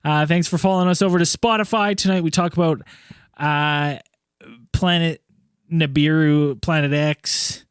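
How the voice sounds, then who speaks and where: A man hosting a casual podcast, telling a story in an animated way with lots of swearing. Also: fairly high pitch, moderate pace, smooth, dry recording, studio quality. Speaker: podcast host.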